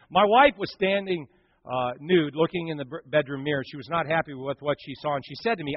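A middle-aged man preaching a sermon, reading jokes aloud with animated, playful delivery. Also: fairly high pitch, quick pace, slightly rough, dull audio. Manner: jokey, animated storytelling with punchlines. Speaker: pastor. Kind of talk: sermon with humor.

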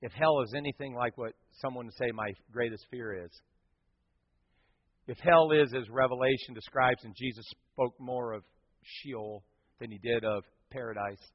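A man preaching a sermon as pastor, telling a story with big swings from loud to hushed. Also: mid-range voice, normal speed. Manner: animated storytelling with dramatic swings in volume. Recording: dull sound with long hall reverb.

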